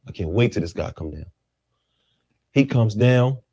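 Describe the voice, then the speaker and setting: With a dark, slightly rough, expressive voice, this interview guest unhurriedly tells his story in a dry recording. He uses plenty of street slang and acts out quotes from the people involved, his pitch jumping as he does.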